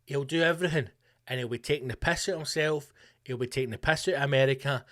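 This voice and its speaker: A man's voice: mid-range voice, fast talker. Sweary Scottish man ranting. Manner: sweary, animated, conspiratorial. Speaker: podcast host. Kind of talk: comedic solo rant.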